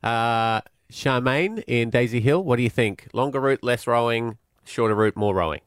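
A man's voice: mid-range voice, normal speed, clean tone, dry recording, studio quality. A man from Scotland co-hosting a radio show in easygoing, wry chat. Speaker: radio host.

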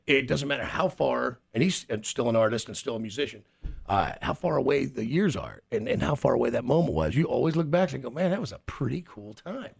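Casual guest: man, gravelly and husky voice, lively up-and-down delivery, stammers and restarts. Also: medium pitch. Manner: rambling, stammering, laughs often. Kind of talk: casual chat.

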